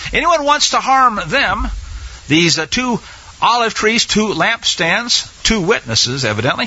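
A man's voice: fairly high pitch, pushed and bright, slightly rough. A man giving an informal Bible teaching, reading passages aloud and musing over them with questions to himself. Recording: dull lo-fi sound.

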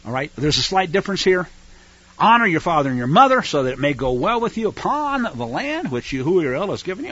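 A man's voice: fairly high pitch, sing-song, quick pace, a bit bright, no echo. A man teaching the Bible on the radio, reading scripture and breaking in with folksy, sarcastic asides. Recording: dull lo-fi radio broadcast.

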